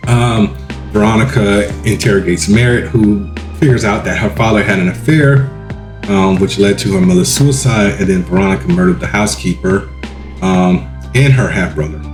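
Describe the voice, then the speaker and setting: A man hosting a casual solo podcast, rambling through plot recaps with lots of ums and quick self-corrections. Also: fairly low pitch, reverberant, soft background music. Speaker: podcast host.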